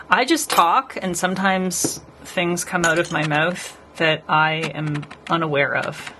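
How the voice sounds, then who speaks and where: A woman's voice: fairly low pitch, unhurried, hardly any pauses, noisy background. A woman nail artist chatting casually with her live stream viewers as she paints, rambling and talking to the chat.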